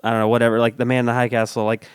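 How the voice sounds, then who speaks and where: A man's voice: mid-range voice, completely flat delivery, very fast, clear, resonant tone, dry recording, clean studio sound. A man hosting a podcast from home, chatting casually and rambling with lots of filler words. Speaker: podcast host. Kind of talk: casual chat.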